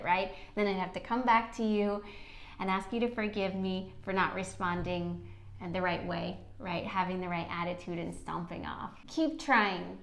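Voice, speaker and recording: A woman's voice: mid-range voice, gravelly. A woman hosting a podcast with her husband, speaking in an encouraging way and often checking in with "right?". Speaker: podcast host, wife. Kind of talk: casual advice chat. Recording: echoey room.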